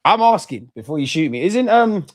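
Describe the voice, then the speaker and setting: A young man from England in his twenties, chatting casually on a live stream, slangy and animated, repeating himself and swearing freely. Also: sits high, moderate pace, no echo, studio quality. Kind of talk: casual live-stream chat reading viewer comments.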